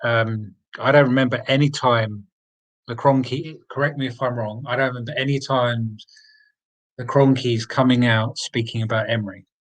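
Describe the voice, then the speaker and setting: A man hosting a live football fan stream, thinking aloud and reading out team news with excited suspense. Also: mid-range voice, normal speed, low-quality recording. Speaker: football fan channel host.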